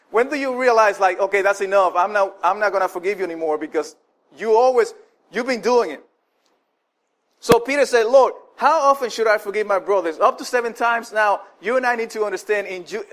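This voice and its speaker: A male preacher teaching on forgiveness in a relaxed, conversational way, often restarting phrases and asking the listeners questions. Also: high-pitched. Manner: informal, repeats and restarts, asks the listeners questions. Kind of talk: casual conversational sermon.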